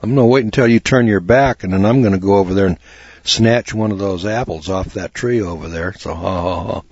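A man's voice: deep voice, a little fast, darkish tone, husky, dry recording, muffled recording. A man hosting a talk radio show, rambling in a folksy, blunt way with lots of fillers and restarts.

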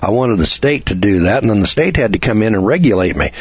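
Man, middle-aged, radio lecture host, folksy, rhetorical questions, husky, dull lo-fi sound. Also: lowish voice, expressive, fast talker, dry recording.

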